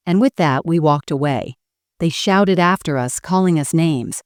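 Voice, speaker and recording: A middle-aged woman narrating a first-person family story in a steady, dramatic storytelling manner. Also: low-pitched, unhurried, no room sound, studio quality.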